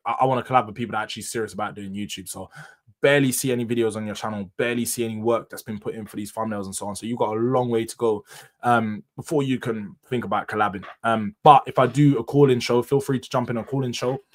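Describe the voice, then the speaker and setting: A young man, hosting a casual football live stream, opinionated and quick to laugh. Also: mid-range voice, fairly even intonation. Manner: chatty and opinionated, laughs often, uses slang. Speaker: football channel host reading live chat.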